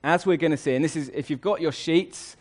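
A man delivers a sermon from a Bible passage. His voice sits a little high. He is emphatic and slows right down to stress the words that matter. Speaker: preacher.

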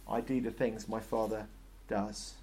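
A man's voice: on the low side, level tone, measured pace, a little mellow, a little hiss or hum. A man preaching a sermon in a conversational way, often acting out short dialogues between characters.

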